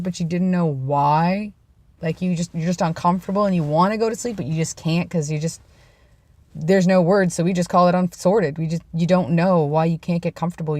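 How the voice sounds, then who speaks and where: A woman's voice: on the low side, no room sound. A young adult woman telling rambling, self-deprecating stories in a casual vlog. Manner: rambling, self-deprecating, drops to a hush for quoted lines. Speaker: vlogger.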